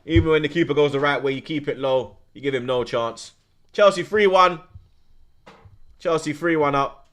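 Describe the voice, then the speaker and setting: A young man reacts live to a football match as the host of a watchalong. He talks in a slangy, animated rant, getting loud when he is indignant and dropping to muttering in between. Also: mid-range voice, a little fast. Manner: animated, ranting, London slang.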